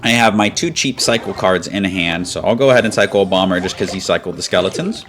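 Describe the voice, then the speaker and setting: A man gives casual live commentary over his own gameplay, calling out his plays and cheering at key moments, breaking into excited chanting when big things happen. His voice is low-pitched and quick. Background music plays behind him.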